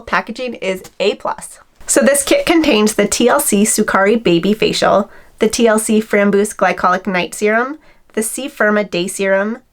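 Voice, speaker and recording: Young woman, twenties, beauty vlogger; gushing, chatty, excitable; mid pitch. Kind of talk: casual unboxing review.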